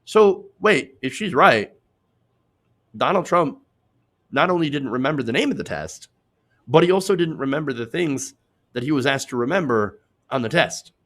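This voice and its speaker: A man's voice: mid-range voice, lively intonation, moderate pace, long pauses, fairly bright tone. A man hosting a political commentary show, reading out posts and mocking them in a sarcastic, chatty way, laughing at his own jokes.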